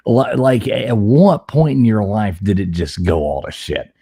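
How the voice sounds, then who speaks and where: A man's voice: fairly low pitch, sing-song, a little slow, warm tone, breathy edge. A man co-hosting a live stream, making dry joking remarks in casual chat. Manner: dry joking banter, swears. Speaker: co-host of a live trivia stream. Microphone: streaming call mic.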